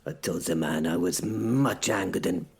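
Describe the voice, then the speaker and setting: A man narrating a comic first-person audio drama in a dry, deadpan, sardonic way. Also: deep voice, a little slow, vocal fry. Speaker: narrator and lead voice of an audio serial.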